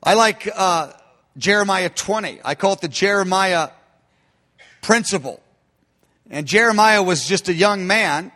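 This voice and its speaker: A male preacher delivers an emphatic sermon in a very high, bright and sharp voice. He speaks at a measured pace, pauses often and frequently calls his listeners beloved.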